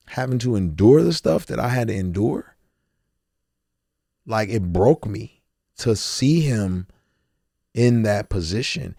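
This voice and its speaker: A man with a fairly low voice speaks candidly as an interview guest. He is earnest and emotional, repeats words and quotes his own thoughts aloud. The sound is dry and close. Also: lively intonation, takes it slowly, creaky, pauses often, warm tone, no room sound. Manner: loose, repeating words and restarting phrases. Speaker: podcast guest, rapper.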